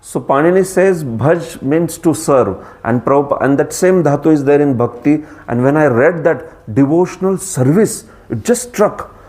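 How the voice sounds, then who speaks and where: A man with an Indian accent giving a scripture class lecture, lively, laughing often and putting questions to his students. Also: on the high side, moderate pace, few pauses. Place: class streamed live.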